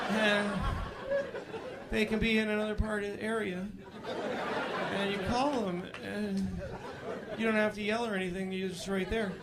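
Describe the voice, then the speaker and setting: A man voicing a clueless male phone salesman who rambles through a muddled pitch. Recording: live show, audience noise.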